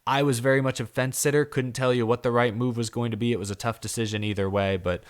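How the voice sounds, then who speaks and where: A man's voice: medium pitch, fairly even intonation, quick pace. A young man hosting a casual podcast chat, talking in an easygoing, self-deprecating way with plenty of fillers. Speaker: podcast host.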